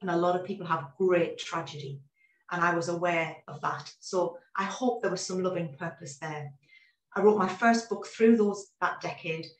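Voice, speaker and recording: A woman in her forties talks through her story in a casual interview, animated and full of restarts. Her voice sits in a roomy, echoey space. She is a little far from the microphone, as on a video call. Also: fairly low pitch, normal speed. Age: 40s. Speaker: guest.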